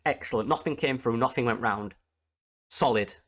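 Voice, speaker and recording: A man's voice: mid-range voice, normal speed, fairly bright tone. A man, a football fan vlogging an angry post-match reaction, repeating himself in exasperation.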